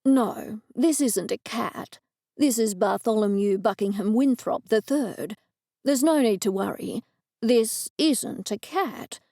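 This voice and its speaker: A woman voicing a male detective who speaks slowly, calmly and reasonably. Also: fairly high pitch, gravelly, no room sound, clean studio sound, exaggerated voice. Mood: soothing. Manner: slow, soothing, reasonable. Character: calm, unflappable male detective.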